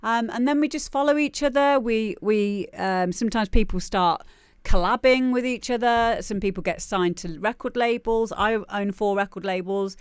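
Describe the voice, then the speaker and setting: A woman's voice: mid-range voice, normal speed, clear, resonant tone, no echo, studio quality. A woman hosting a live music demo show, chatting casually and laughing often. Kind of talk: casual live-stream chat.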